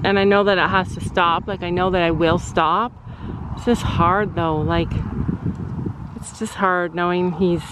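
A woman's voice: lowish voice, background noise. A woman vlogging outdoors at a horse barn, talking in a rambling way with many restarts and fillers. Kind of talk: casual vlog chat.

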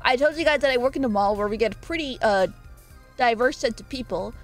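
A woman's voice: fairly high pitch, a little fast, soft background music. A young woman chatting casually on a live stream from her own room, playful and giggly, rambling between greetings.

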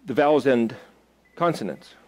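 A man teaching a small group in a relaxed way, thinking aloud as he looks things up and putting questions to his listeners. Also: mid-range voice, moderate pace. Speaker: Hebrew study teacher.

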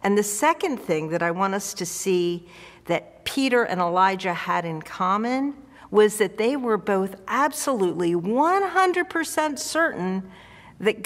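A woman's voice: mid-range voice, long reverb tail. A woman pastor giving a sermon in an earnest, conversational way. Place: church.

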